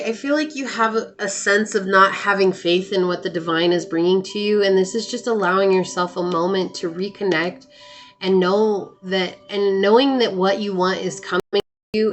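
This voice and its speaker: A woman in a tarot reading, speaking softly and encouragingly to her viewers as she reads out card messages. Her pitch sits in a middling range. Faint music plays quietly underneath. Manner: soothing, encouraging, reads card texts aloud. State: hiccuping. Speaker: tarot reader.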